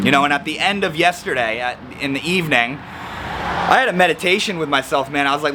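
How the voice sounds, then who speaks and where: A man's voice: fairly high pitch, animated, fairly quick, noisy background. A man talking about his week in a casual personal vlog, rambling with slang and frequent restarts. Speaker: vlogger.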